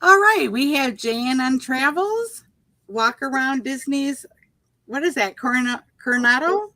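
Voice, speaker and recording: A woman's voice: high voice, lively intonation, a little slow, sharp tone, no echo. A woman from Kentucky with a Southern drawl, reading out video titles and chatting casually as a livestream guest. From Kentucky, USA. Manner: reads out list with laughs. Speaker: guest creator.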